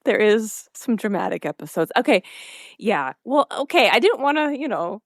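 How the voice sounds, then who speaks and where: A woman's voice: medium pitch, moderate pace, no echo. Female podcast co-host, casual recap chat, dry close mic. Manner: animated retelling, acting out lines in quotes.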